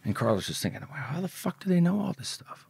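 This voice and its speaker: A man's voice: fairly high pitch, fast talker, creaky, breathy edge, no echo, clean studio sound. A man telling his story in an interview, swearing a lot and acting out the voices of the people in it. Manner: profane, animated, acts out quoted dialogue. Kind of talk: casual storytelling.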